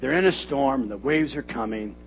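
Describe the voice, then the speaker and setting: A man preaching a sermon in a church, animated and joking, with loud emphatic bursts. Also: mid-range voice, brisk, vocal fry, slight background noise. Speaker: pastor. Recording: dull lo-fi sermon recording with faint music.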